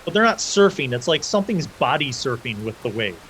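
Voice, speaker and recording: A man's voice: medium pitch, very animated, a little fast, fairly bright tone, slight background noise, low-quality recording. A man narrating a tabletop game as game master, with loose, vivid descriptions that act out side characters.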